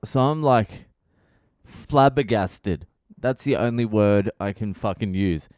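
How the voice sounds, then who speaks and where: A middle-aged man telling a profane comic story as a podcast host, exasperated and building to shouted rants. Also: lowish voice, slow pace, clean tone, no room sound, clean studio sound.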